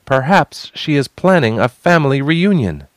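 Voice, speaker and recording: A man voicing a winged young woman who speaks boldly and defiantly, in a high, strained voice. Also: sing-song, moderate pace, no echo. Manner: bold, commanding, pleading.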